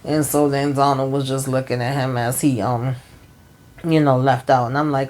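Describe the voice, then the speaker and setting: A woman's voice: extremely low pitch, little pitch movement, moderate pace, darkish tone. A woman giving a casual, rambling recap of a TV episode, full of fillers like "um" and "you know" and talking straight to her viewers. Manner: chatty, speaks to viewers directly. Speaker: TV show recap host.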